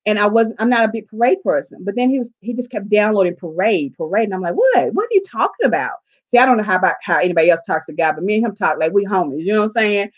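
A woman's voice: mid-range voice, very fast, few pauses, highs cut off. A woman, a life coach telling her story in an interview and acting out her own dialogue. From southern United States. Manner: animated, acts out her own dialogue in quotes.

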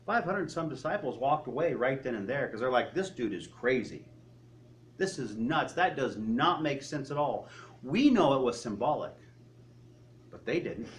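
Preacher, male, slightly higher pitch, storytelling sermon with rhetorical questions. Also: a little hiss or hum. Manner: drops to a quiet, low voice for solemn moments.

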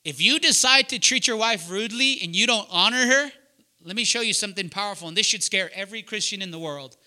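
A man preaching loudly and emphatically to young adults, often asking the room to fill in words. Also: high voice, fast. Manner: loud, emphatic, asks the room questions. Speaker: pastor teaching young adults. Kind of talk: sermon.

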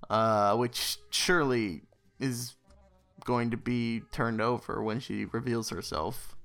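Slow, rambling man recapping a film. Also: medium pitch, a bit bright, clean tone. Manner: rambling, filler-heavy with many "like"s; wry, sarcastic asides. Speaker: podcast co-host. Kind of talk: casual film recap chat.

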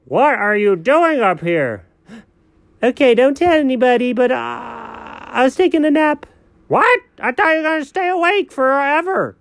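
Man doing a high, lively, smug scheming cat with a dry sound. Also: measured pace, creaky, no echo, exaggerated voice. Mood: fussy. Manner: high, fussy and know-it-all.

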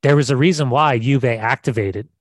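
A man's voice: medium pitch, moderate pace, no room sound. Enthusiastic American man talking soccer. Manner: enthusiastic, repeats words as he restarts. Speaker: podcast co-host. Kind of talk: casual sports chat.

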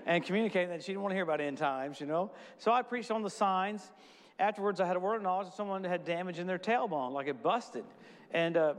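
A man with a high voice preaches to a congregation, weaving casual testimony stories into his sermon. His voice rings out with a long reverb, as in a large church hall. He sounds middle-aged and talks in an easygoing, conversational way. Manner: casual storytelling, quick asides.

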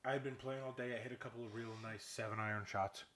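A man's voice: medium pitch, steady tone, fast talker, a bit bright, slight background noise. A young man telling a rambling, profane story in casual chat, ranting with laughs.

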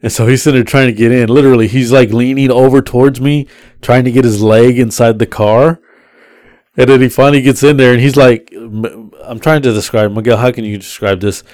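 A mid-pitched man, chatting casually as a podcast co-host. He tells a rideshare story with animated delivery, popping into higher voices for his passengers. The sound is dry and close. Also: a little fast, no echo. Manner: animated, acts out passengers' lines in raised voices.

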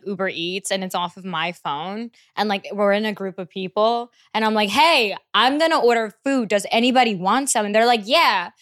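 Animated young woman telling stories. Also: a little high, dry recording, studio quality. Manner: animated, swearing, laughing storyteller. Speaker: guest musician. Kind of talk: casual podcast chat.

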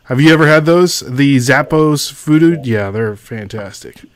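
A man's voice: mid-range voice, animated, a little slow. A man hosting a casual livestream, greeting viewers by name and reading their chat comments aloud. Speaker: livestream host.

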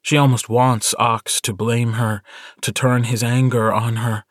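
A man narrating a short story audiobook in a measured, intimate storytelling manner. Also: medium pitch, flat delivery, dry recording, studio quality. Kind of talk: scripted narration.

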